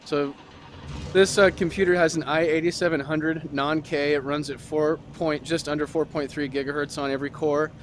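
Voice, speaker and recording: Middle-aged guy on a headset mic, bit high voice, gets all fired up about his racing sim, lots of uhs. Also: moderate pace, a little hiss or hum. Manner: excitable, talks in bursts with many fillers. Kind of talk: casual commentary while driving.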